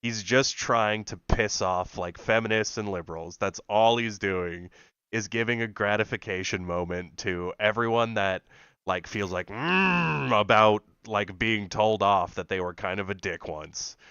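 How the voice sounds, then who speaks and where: A man's voice: lowish voice, fairly even intonation, normal speed, a bit bright, clean tone, no echo, dull audio. A man co-hosting a casual reaction podcast, sarcastic and profane, laughing often. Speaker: podcast co-host.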